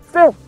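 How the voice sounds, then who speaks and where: A British man with a high voice talks to his viewers in a loose, rambling vlog. He laughs often and swears freely, restarting and going off on tangents. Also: warm tone, breathy edge, rough recording. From United Kingdom. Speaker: motorcycle vlogger. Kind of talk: casual chat to camera.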